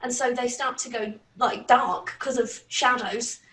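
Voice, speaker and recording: A British woman with a high voice tells a story in a lively, casual way, swearing freely and laughing as she goes. She sits back from the mic in a roomy space. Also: unhurried, recorded from a distance, a little hiss or hum. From Britain. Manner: animated, swears, laughs often. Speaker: channel host.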